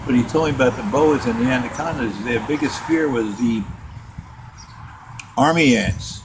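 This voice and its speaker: An older man reminiscing in a casual interview, rambling through his stories with many restarts. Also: mid-range voice. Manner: rambling, restarts often, drawn-out storytelling. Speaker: interviewee telling war stories. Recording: home recording with noticeable background noise.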